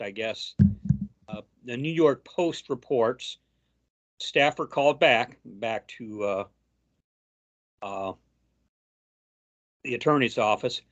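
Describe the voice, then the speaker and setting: A man co-hosting a casual political chat, reading news quotes aloud with frequent halting fillers. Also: medium pitch, fairly bright tone. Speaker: co-host.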